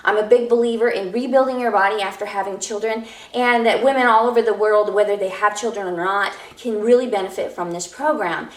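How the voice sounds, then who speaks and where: A woman's voice: medium pitch, steady tone, a little fast, few pauses. Upbeat woman with a Minnesota accent. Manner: upbeat, self-promoting. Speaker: fitness entrepreneur. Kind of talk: casual self-introduction to camera. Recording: roomy, from a distance.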